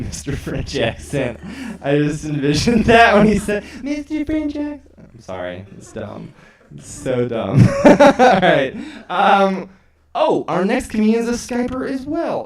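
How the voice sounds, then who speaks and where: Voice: mid-range voice, far from the mic. Open mic host, chatty and bouncy, echoey room, crowd noise. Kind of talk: introducing comedians.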